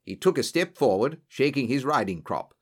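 A man's voice: medium pitch, normal speed, slightly rough. A man narrating a storybook, reading expressively and acting out the dialogue. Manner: expressive, voices characters in dialogue. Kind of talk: audiobook narration.

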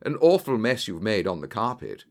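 A man puts on a cool, clipped detective with a curt, measured way of speaking. It is a storybook voice, calm and unhurried. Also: fairly low pitch.

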